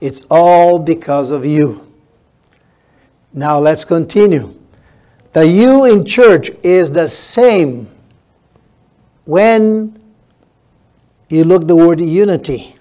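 Slow, deliberate preaching man. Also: on the high side, mellow. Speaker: pastor. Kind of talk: sermon.

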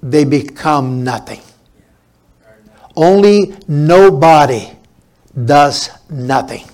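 A man preaching a sermon as pastor, emphatic and repetitive, building up his points. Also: mid-range voice.

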